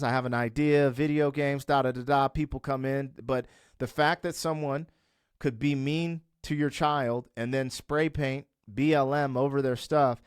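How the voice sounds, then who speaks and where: A middle-aged man talking candidly as a guest in a conversation, emphatic and animated, climbing to fervent peaks as he rants. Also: mid-range voice, clean tone, no echo, studio quality. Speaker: podcast guest.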